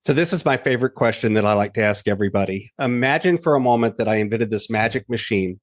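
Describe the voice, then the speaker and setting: A man hosting a podcast interview, chatting in a relaxed way and telling anecdotes. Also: fairly low pitch, fast talker. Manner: relaxed and conversational, tells anecdotes. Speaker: podcast host. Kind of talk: casual interview chat.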